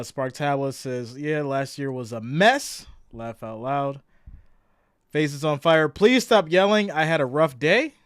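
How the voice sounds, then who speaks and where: Guy hosting a sports live stream, hyped up, shouting out chat names, smooth dry sound. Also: no room sound. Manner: loud and excitable, swinging between shouted hype and low asides; greets chat viewers by name. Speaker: sports livestream host. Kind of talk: casual live-stream commentary.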